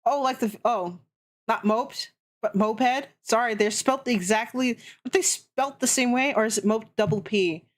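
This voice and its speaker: A woman on a casual stream, her voice sitting a little high. She rants in an exasperated way and swears constantly. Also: moderate pace. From Canada. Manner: ranting, heavy swearing, exasperated. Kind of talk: casual chat.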